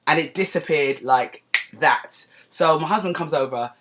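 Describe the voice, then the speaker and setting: A woman's voice: deep voice, moderate pace. Chatty woman telling a story. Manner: chatty, digressive, animated when retelling. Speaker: podcast host. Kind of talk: casual storytelling monologue.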